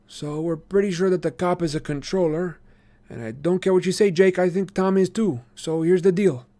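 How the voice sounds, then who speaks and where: A sarcastic, wary teenage boy, voiced by a man reading a novel aloud. He sounds well above the reader's own voice, with a sharp, needling and often bitter edge. He pushes his points hard. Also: high voice, fairly even intonation, normal speed, pitched above the performer's own voice, close to an everyday voice.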